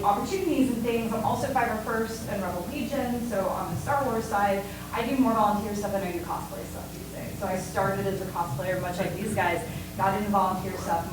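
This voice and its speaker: A woman speaking on a convention panel about volunteering in costume, chatty and full of fillers. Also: mid-range voice. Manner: chatty, many fillers and "right?". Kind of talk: panel talk. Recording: echoey hall from far off, noisy.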